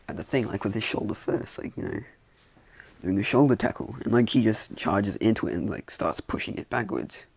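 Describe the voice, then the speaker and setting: A man's voice: fairly low pitch, gravelly, a little mellow, breathy edge. A teenage boy telling a fan-made story off the cuff, rambling with many fillers and restarts. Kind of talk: casual improvised storytelling.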